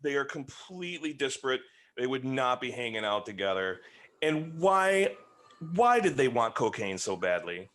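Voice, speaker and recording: A man in his forties, a podcast guest, joking around in animated casual chat. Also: mid-range voice, normal speed. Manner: animated, joking, voices other people.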